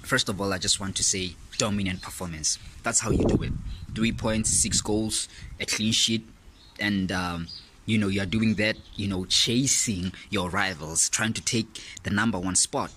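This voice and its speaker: A man giving an excited fan review of a football match, laughing often and repeating himself as he gets carried away. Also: lowish voice, normal speed, background noise.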